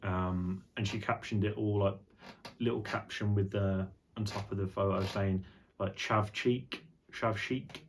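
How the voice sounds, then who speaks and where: A man's voice: sits low, little pitch movement, normal speed, a little mellow, a little hiss or hum. A young man chatting casually on an unscripted vlog, rambling and jokey, with some swearing. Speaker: vlogger.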